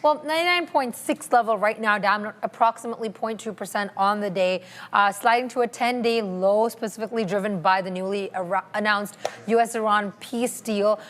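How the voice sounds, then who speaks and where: A woman presenting a market news segment, reading currency figures briskly and fixing small slips as she goes. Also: medium pitch. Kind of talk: scripted market news read.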